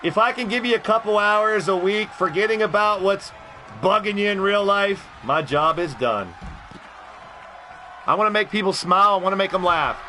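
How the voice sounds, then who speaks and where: A man calling play-by-play on a wrestling video game for a live stream, rowdy and profane and often breaking into shouts while greeting his chat. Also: sits high, moderate pace, a little hiss or hum.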